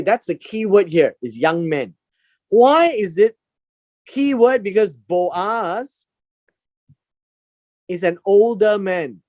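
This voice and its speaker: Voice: mid-range voice, darkish tone, dry recording. A Bible teacher giving a verse-by-verse lesson, explaining word meanings and repeating key words for emphasis.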